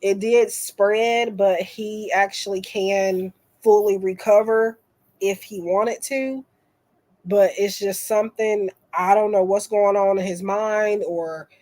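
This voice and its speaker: A woman chatting on a tarot livestream, her voice worn from being sick. She speaks slowly and haltingly, at a middling pitch, and her sentences often trail off. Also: a little mellow. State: sick, under-the-weather voice. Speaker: tarot reader and livestream host. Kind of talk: casual livestream chat with viewers.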